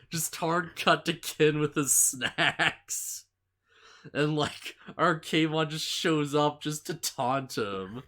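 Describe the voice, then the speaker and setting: A man's voice: fairly high pitch, slow, pushed and bright. A man co-hosting a casual podcast, recapping anime episodes in a rambling way, full of "like" fillers and laughter. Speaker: podcast co-host.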